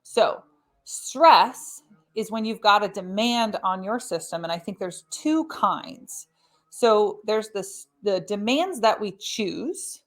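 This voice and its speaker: Woman podcast host, middle-aged, chatty explainer, average pitch. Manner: conversational teaching, frequent "right?" and "like".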